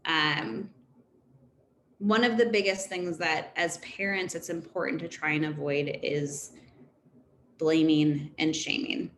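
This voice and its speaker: A woman in her thirties, a therapist, giving an informal talk to parents in a conversational, animated way. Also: low voice, takes it slowly. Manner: conversational and animated, laughs between points. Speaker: therapist speaking to a parent council. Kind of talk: informal presentation. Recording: echoey room with faint background noise.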